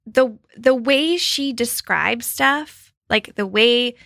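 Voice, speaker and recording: A woman co-hosting a casual podcast chat, agreeing often and speaking in an unhurried way. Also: fairly high pitch, vocal fry, dry recording, clean studio sound. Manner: unhurried, warmly agreeing with frequent affirmations. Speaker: podcast co-host.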